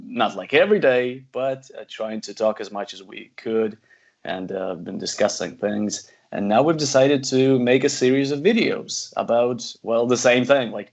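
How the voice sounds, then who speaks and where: A man with a Russian accent, a native Russian speaker, hosting a casual chat podcast over a video call and talking hesitantly with many fillers. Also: lowish voice. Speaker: podcast host. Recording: dull lo-fi sound.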